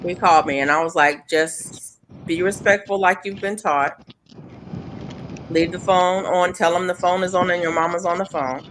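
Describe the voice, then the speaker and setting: A woman's voice: lowish voice, fairly even intonation, normal speed, fairly bright tone, a little hiss or hum. A woman speaking earnestly on a live video call panel, now and then breaking into a laugh. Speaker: panel guest. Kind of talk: casual chat on a live stream.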